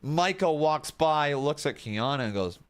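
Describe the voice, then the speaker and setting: His voice sits on the high side, smooth and unhurried, as this young man hosts a watch-along stream. He keeps breaking into laughter, gets excitable, and talks to his viewers as "guys" and "bro" during the casual commentary.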